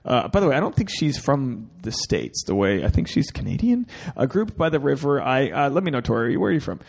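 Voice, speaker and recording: Man, podcast co-host, gravelly, joking, crude asides while reading aloud. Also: medium pitch, very animated, a little fast. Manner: jokey, crude asides, gets teary. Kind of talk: casual chat, reading a listener email aloud.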